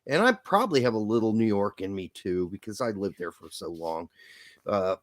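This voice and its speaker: A loud Midwestern man rambling through a casual podcast chat, swearing as he goes. His pitch swings all over the place, from low mutters up to high exclamations. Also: animated, normal speed, dry recording, studio quality. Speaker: podcast co-host.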